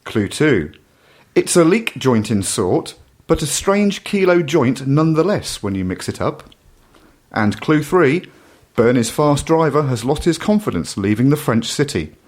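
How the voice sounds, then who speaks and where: A man's voice: medium pitch, big pitch swings. A man co-hosting a radio show, teasing listeners as he presents a quiz in a playful showman manner. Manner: playful showman, teasing with drawn-out build-ups. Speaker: co-host running a quiz segment. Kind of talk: casual chat.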